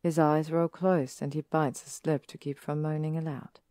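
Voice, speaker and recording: A woman reading fan fiction aloud in a calm, even narration. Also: sits low, normal speed, dry recording, clean studio sound. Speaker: story reader.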